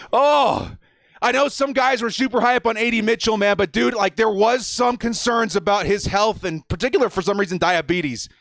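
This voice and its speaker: A man hosting a live-stream watch party, over-excited, shouting and repeating himself, breathless and shaking with excitement. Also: high voice, moderate pace, gravelly, no echo, clean studio sound.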